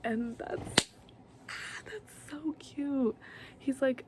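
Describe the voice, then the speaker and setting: A woman's voice: sits high, very slow, heavy background noise. A young woman casually recapping a movie, filler-heavy and chatty, often acting out the characters' lines. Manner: chatty, lots of likes and ums, acts out quotes. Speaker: vlogger.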